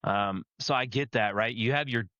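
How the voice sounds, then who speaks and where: A man in a middle-pitched voice chats along as co-host, leaning on filler words and chiming in with comparisons. His mic sounds a little dull and muffled. The sound is close and dry. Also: moderate pace, bright, forceful tone, no room sound. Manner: chatty, uses filler words, chimes in with comparisons. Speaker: podcast co-host. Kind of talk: casual chat.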